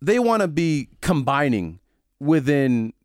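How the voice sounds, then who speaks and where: A man's voice: fairly high pitch, big pitch swings, takes it slowly, dry recording, clean studio sound. A man co-hosting a casual podcast chat, talking emphatically and backing his points with examples. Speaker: podcast co-host.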